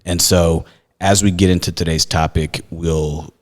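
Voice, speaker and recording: Man, deep low voice, casual podcast chat, storyteller. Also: flat delivery, unhurried, long reverb tail. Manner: storytelling, laughs often, slips into quoted dialogue. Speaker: podcast co-host.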